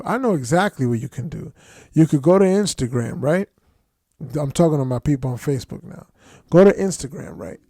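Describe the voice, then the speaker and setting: A man with a New Jersey accent co-hosting a podcast in relaxed, slangy chat. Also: a little high, brisk, no echo, clean studio sound. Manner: laid-back, slangy and chatty. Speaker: podcast co-host. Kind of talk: casual chat.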